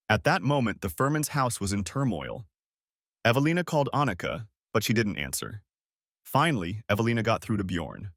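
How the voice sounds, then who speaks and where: Story narrator, male, lively pitch, dry close sound. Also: a little fast, dry recording.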